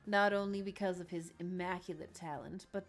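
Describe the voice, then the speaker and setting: A woman's voice: lowish voice, fairly even intonation, fairly quick, faint music behind, lightly acted. A woman voicing a boastful vain bard. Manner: boastful, theatrical, smooth-talking. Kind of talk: reading game dialogue aloud.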